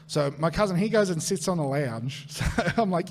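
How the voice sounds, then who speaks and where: Australian male comic, slightly high voice, animated live storyteller who swears freely and acts out quotes. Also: fairly quick. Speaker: comedian guest.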